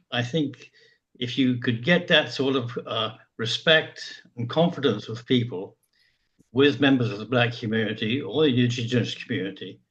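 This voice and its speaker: An older man from England, speaking slowly and haltingly in a reflective group discussion, with many pauses. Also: medium pitch, a bit bright, muffled recording. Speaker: group member.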